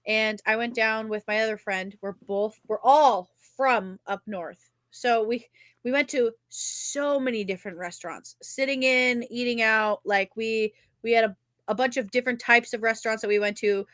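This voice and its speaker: A young woman, co-hosting a podcast and telling a rambling, animated story in casual chat, swearing freely. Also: on the high side, moderate pace, no echo. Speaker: podcast co-host.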